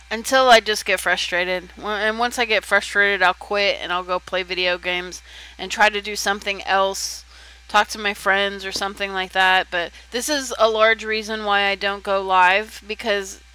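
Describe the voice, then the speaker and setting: A woman's voice: medium pitch, bright, forceful tone, clean tone, poor audio. A young woman chatting casually on a livestream while she works on a design, rambling and self-deprecating.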